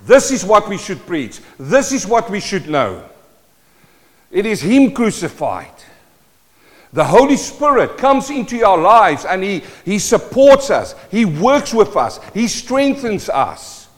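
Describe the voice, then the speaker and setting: Impassioned South African preacher, hall echo. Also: male voice, sits high. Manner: impassioned, swings from loud to hushed. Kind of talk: sermon. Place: church hall. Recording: long hall reverb.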